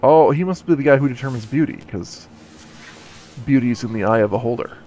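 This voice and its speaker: A man's voice: mid-range voice, a little fast, darkish tone. A male streamer with a mid-range voice plays through a game live and talks back at it in a jokey, playful way. His commentary moves between muttered asides and amused questions.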